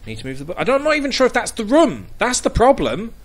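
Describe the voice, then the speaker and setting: A man's voice: extremely high pitch, huge pitch swings, rapid-fire. A young man streaming a horror game, muttering to himself, jumpy and swearing often. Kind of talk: casual gaming commentary.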